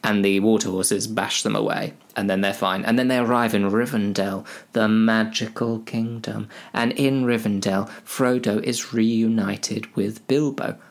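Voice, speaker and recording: A man's voice: fairly low pitch, steady tone, unhurried, hardly any pauses. A man comically retelling a fantasy tale, rambling with lots of hesitations and self-mockery. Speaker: storyteller.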